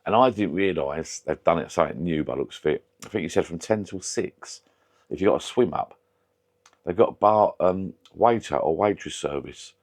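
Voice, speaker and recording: A man's voice: deep voice, moderate pace. A man vlogging from his garden shed pub, chatting casually and rambling through tangents with the odd swear word. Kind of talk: casual chat.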